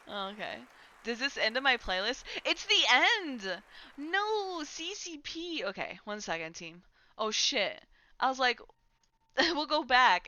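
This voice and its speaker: A woman's voice: on the high side, sharp tone. A woman streaming live in a casual, chatty way at home, laughing often and talking to her cat. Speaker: Twitch streamer. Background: faint music from a playlist.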